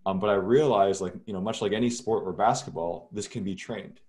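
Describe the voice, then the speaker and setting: A relaxed man with a somewhat low voice answers as a guest in a casual interview. He talks in loose, unhurried runs, full of fillers and restarts.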